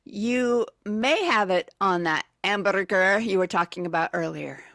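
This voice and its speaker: A woman co-hosts a morning radio show, playfully quizzing and giggling often. Her voice sits at an ordinary middle pitch. She is heard on a close, dry studio mic. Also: expressive, unhurried, a bit bright, dry recording. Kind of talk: morning radio banter and trivia. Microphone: studio microphone.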